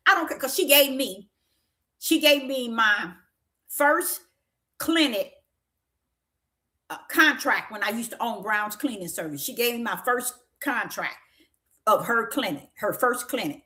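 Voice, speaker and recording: A middle-aged woman telling a story to viewers in an animated, preachy way. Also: fairly high pitch, measured pace, pauses often.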